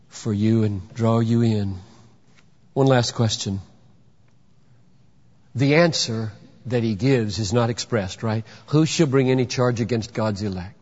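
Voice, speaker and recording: A man preaching a sermon with emphatic delivery, firing off rhetorical questions and sometimes shouting for effect. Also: fairly low pitch. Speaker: pastor. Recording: dull sound with long hall reverb.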